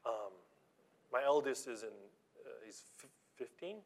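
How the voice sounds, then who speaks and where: A man preaching a sermon in a conversational storytelling way, with halting restarts and slow, deliberate emphasis on key phrases. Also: medium pitch. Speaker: pastor.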